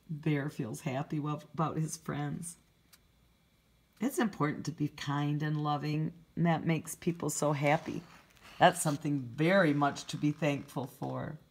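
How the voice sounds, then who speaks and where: With a low, husky voice, a preschool teacher reads a picture book to young kids. She pauses to gently quiz them and explain the words.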